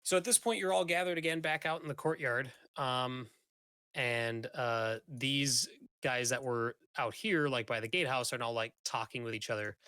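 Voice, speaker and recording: Man, game master, halting narration, bright tone, dry recording. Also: medium pitch, smooth, no echo. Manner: halting, with many ums and restarts.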